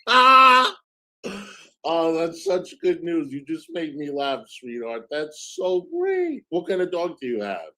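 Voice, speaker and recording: A man's voice: fairly high pitch, animated, unhurried, pushed and bright. Combative, sarcastic male streamer. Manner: sarcastic, combative, switching to sugary thanks for donors. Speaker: streamer host. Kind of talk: heated livestream argument.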